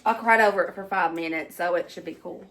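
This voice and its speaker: A woman's voice: fairly low pitch, fast, a bit bright, slight background noise. A middle-aged woman with a Southern US accent, chatting nostalgically through a casual home cooking vlog and laughing often. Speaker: cooking vlogger.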